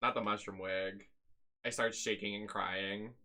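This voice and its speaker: A man's voice: lowish voice, fairly even intonation, unhurried, bright, forceful tone. A man live-streaming a video game, making sassy, crude, joking asides.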